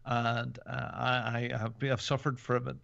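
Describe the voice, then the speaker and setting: A man's voice: medium pitch, little pitch movement, a little slow, gravelly, fairly bright tone, dry recording. A man hosting a podcast in casual chat, rambling and jokey with lots of fillers. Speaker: podcast host. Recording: dull, dry podcast mic.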